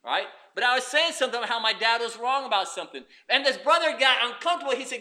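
A man's voice: very high-pitched, lively intonation, fast talker, sharp tone. A man preaching a sermon as pastor, emphatic and repeating his points.

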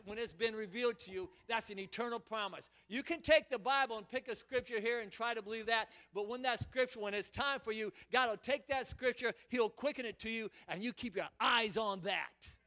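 In church, a man with a high, sharp voice delivers an impassioned, fervent sermon. He keeps repeating and restarting his words as he drives his point home.

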